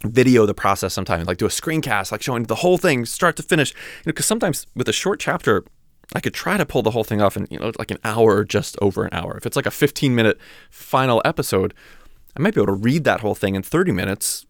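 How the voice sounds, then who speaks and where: A man with a lowish voice and a gravelly, creaky edge talks casually as a podcast host. He rambles in a chatty way, full of fillers and restarts. The recording is dry and close, with no room echo. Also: big pitch swings, quick pace. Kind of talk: casual reflective talk.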